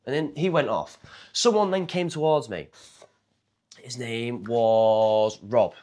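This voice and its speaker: A man's voice: medium pitch, slow pace, a little mellow. A young man with a fighter's background, retelling a story casually and animatedly, acting out the people in it. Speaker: martial arts fighter and confidence coach.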